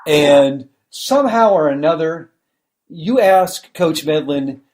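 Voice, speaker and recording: A man's voice: on the high side, expressive, slow, darkish tone. Rambling podcast host man. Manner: rambling storyteller with many restarts and fillers. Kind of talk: casual chat.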